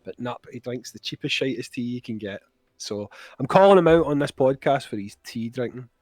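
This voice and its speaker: A man's voice: mid-range voice, lively intonation, brisk, a little mellow, no room sound, studio quality. A young Scottish man chatting as a podcast guest, blunt and jokey, swearing freely as he rants. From Scotland. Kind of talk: casual chat.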